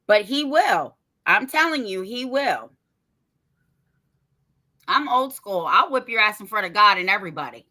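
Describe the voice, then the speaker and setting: A woman's voice: mid-range voice, big pitch swings, a little slow, long pauses, sharp tone. A middle-aged woman co-hosting a podcast, talking bluntly and profanely in casual chat and laughing often. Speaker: podcast co-host.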